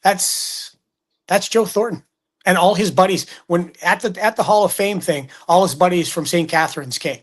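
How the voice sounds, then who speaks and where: A man's voice: sits high, moderate pace. A middle-aged man, a hockey broadcaster telling stories in casual sports chat and acting out the quotes. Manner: animated storyteller, acts out quotes.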